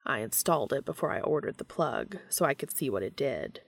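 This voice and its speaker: A woman reading aloud, voicing a serious man who speaks roughly in a low growl. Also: expressive, fairly quick, heavily acted. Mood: earnest.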